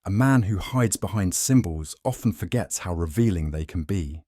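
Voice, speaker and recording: A man reads as a sharp, coolly observant detective with a deep, low voice. He speaks in a crisp, measured, faintly wry way. The sound is dry and close. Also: animated, no echo.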